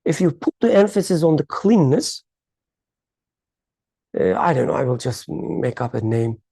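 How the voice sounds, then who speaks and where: A speaker in a faith study circle who explains a hadith in a halting, reflective way, searching for words and using uneven English grammar. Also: medium pitch, very animated, warm tone, dry recording.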